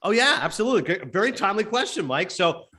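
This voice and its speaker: Man, rapid delivery, raised pitch, animated storytelling guest. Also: slightly rough. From Canada. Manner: quick, lively anecdote-teller acting out dialogue. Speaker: guest sportscaster. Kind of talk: animated storytelling in a podcast interview.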